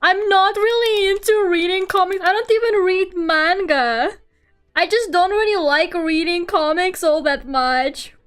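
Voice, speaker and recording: A woman's voice: very high voice, a little slow, faint music behind. A young woman streamer chatting casually while she draws, rambling through a story full of fillers and frequent laughs. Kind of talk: casual livestream chat while drawing.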